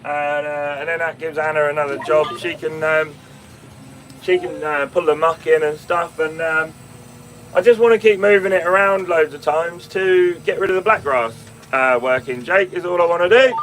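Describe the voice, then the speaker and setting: A man's voice: on the high side, fairly even intonation, normal speed, a bit bright, slight background noise, low-quality recording. A young man with an English Fenland accent, chatting casually on a live stream from his tractor cab, with lots of ums and restarts. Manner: chatty, many ums and restarts, calls viewers mate and my man. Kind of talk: casual live stream chat, answering viewers. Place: inside a tractor cab in a field. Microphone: phone.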